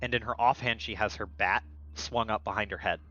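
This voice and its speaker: A man's voice: on the low side, steady tone, brisk, pushed and bright, lo-fi sound. A man narrating a tabletop game as game master, rambling with many fillers and restarts.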